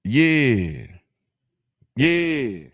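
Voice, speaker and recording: Man, boxing show host, casual slangy chat, mid pitch, dry close sound. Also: very slow, no echo. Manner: excited, slangy, repeats himself a lot. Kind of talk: casual fan talk on a livestream.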